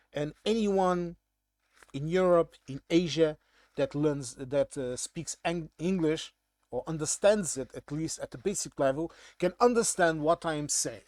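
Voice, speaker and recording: Portuguese accented guy ranting, blunt and annoyed, kinda high voice, dry sound. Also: no echo. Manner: blunt, irritated, emphatic. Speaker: commentator. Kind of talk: casual monologue commentary.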